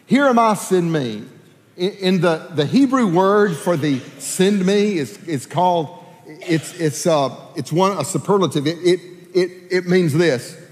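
A man preaching a sermon as pastor, lively and animated, acting out prayers in playful character voices. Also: high voice, unhurried, in a large hall.

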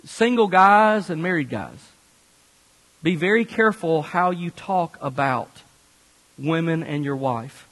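A man preaching a sermon as a pastor, animated and conversational, speaking directly to the congregation. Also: on the high side, takes it slowly, in a large hall, low-quality recording.

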